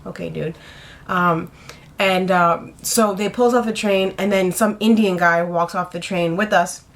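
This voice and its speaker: A woman's voice: on the low side, fairly even intonation, measured pace. A young woman in her twenties telling a story to the camera in a casual, rambling way, full of "like" and freely swearing. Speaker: vlogger.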